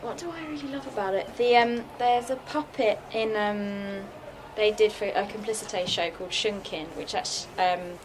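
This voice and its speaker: A woman's mid-range, fairly even voice moves at a moderate pace with few pauses as she answers questions as a guest puppeteer. The casual Q&A happens in a festival workshop room, recorded live with lots of noise, and her talk is chatty and full of "like" and fillers.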